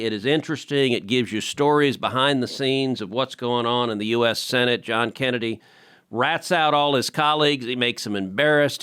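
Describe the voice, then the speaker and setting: Podcast host guy, bright crisp tone, punchy, keeps stacking "and, and, and". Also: medium pitch, a little hiss or hum. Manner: emphatic, repeats words when starting. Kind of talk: casual podcast conversation.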